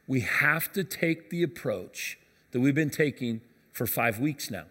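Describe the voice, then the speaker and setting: A man's voice: mid-range voice, lively intonation, a little slow, fairly bright tone. A man in his fifties, a pastor, preaching a sermon in a conversational storytelling way with touches of humor. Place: church auditorium. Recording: church hall with long reverb.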